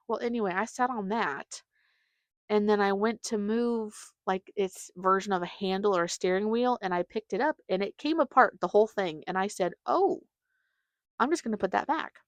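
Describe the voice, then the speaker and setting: A woman's voice: mid-range voice, normal speed, dry recording. A woman hosting a podcast, telling a rambling, chatty story and acting out what her family said. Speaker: podcast host. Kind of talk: casual storytelling monologue.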